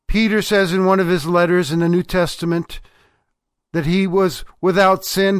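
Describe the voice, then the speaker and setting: Slow, high-voiced male preacher. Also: no echo, studio quality. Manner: slow and deliberate, with dramatic dips to a low hush. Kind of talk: devotional sermon.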